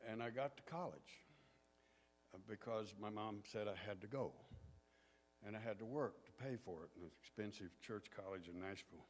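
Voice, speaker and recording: A man from southern Indiana, a pastor telling stories in a sermon in a folksy, unhurried way. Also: on the low side, slight background noise. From southern Indiana, USA. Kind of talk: sermon storytelling. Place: church sanctuary. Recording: long hall reverb.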